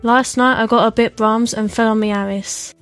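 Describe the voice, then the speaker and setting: A woman reading short example sentences for a language lesson in a lively, conversational way. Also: fairly high pitch, normal speed, smooth, soft background music. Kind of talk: scripted example lines.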